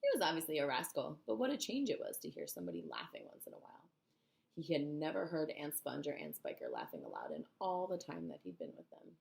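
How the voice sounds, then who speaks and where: A woman reading a children's book aloud, expressive and engaging. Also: deep voice, quick pace, vocal fry. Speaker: storybook reader.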